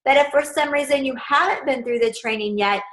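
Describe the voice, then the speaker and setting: A woman's voice: high voice, brisk, a bit bright, low-quality recording. A young adult woman coaching her sales team in a casual, upbeat, direct way.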